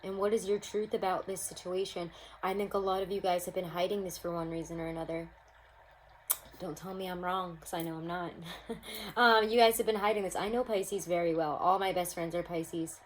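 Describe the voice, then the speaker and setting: Young woman, lowish voice, casual upbeat tarot reader, home camera mic. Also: fairly even intonation, a little fast, a little hiss or hum, low-quality recording. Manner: chatty, upbeat, addresses viewers as guys. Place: home room.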